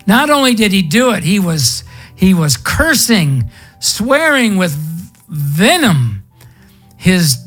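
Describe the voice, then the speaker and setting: A male pastor preaching a sermon in a conversational storytelling way, drawing out words for emphasis. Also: on the high side.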